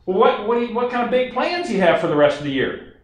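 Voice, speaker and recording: A man voicing a friendly, chatty woman caller from Texas, high and folksy, full of small-talk questions. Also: big pitch swings, quick pace. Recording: very echoey room, faint noise.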